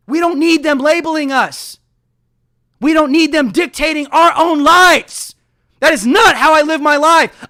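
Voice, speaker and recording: A man's voice: very high-pitched, bright, forceful tone. A young man hosting a live political commentary show, ranting in a fiery, emphatic way.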